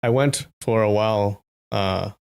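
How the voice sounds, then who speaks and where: A man's voice: on the low side, a little slow, gravelly, clear, resonant tone. A man hosting a live stream, chatting casually with his viewers and greeting them by name. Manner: chatty, greets chat by name, animated asides. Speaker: live-stream host reading a novel.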